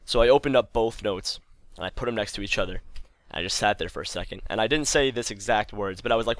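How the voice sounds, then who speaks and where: A young man casually telling a funny childhood story for his video channel, voicing himself and his mother with big jumps in pitch. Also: fast talker, no echo.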